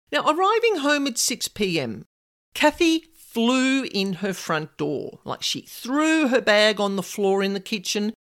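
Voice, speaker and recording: A woman's voice: mid-range voice, fairly bright tone. A woman narrating a personal story in a conversational way with casual asides.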